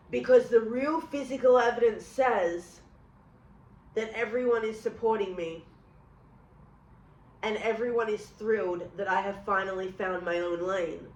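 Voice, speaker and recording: A woman with a New York accent, guiding an EFT tapping session with calm, measured affirmations for the listener to repeat. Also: mid-range voice, slight background noise. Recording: roomy echo.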